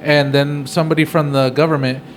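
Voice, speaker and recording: A man's voice: a little high, flat delivery, brisk. A young man co-hosting a casual movie review podcast, talking through the plot in a laid-back, profane way. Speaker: podcast co-host. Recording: faint background noise.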